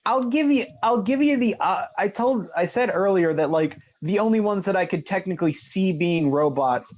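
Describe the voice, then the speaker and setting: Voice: mid-range voice, lively intonation, normal speed, darkish tone, lo-fi sound. A young podcast co-host in casual gaming chat, laid-back with dry, wry quips.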